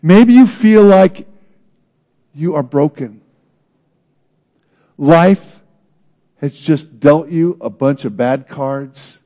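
A man preaching a sermon in an earnest, dramatic way, swinging between loud emphasis and hushed moments. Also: on the high side, very slow, long pauses, lo-fi sound. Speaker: pastor.

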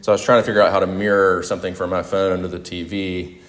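A man in his forties with a very low voice delivers a sermon in a reflective, confessional tone. He talks conversationally, backing up to rephrase mid-sentence. His voice rings out with a long reverb, as if filling a large church. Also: little pitch movement, quick pace. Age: 40s. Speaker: pastor.

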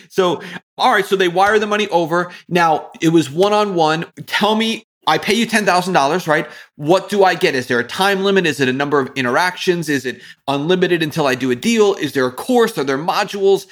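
A man hosting a podcast interview, asking rapid-fire questions with lively enthusiasm. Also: fairly high pitch. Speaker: podcast host.

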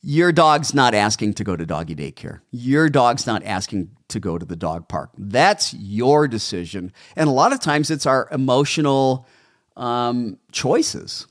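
Male host from the United States, opinionated and emphatic, very lively pitch, dry close-mic sound. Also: unhurried, dry recording. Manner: emphatic, opinionated, rhetorical questions. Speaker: dog trainer and show host. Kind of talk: live call-in show monologue.

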